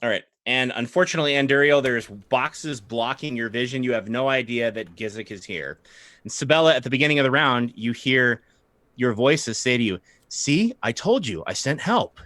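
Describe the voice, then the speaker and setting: Bright-voiced male dungeon master. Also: mid-range voice, fairly quick, dry recording, studio quality. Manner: relaxed, guiding, laughs often. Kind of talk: narrating a tabletop game.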